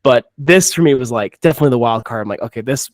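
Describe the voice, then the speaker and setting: A man's voice: medium pitch, very fast, no room sound. Chatty man hosting an ad-review podcast. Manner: rambling, animated, many restarts and acted-out quotes. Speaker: podcast host reviewing ads. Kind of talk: casual chat.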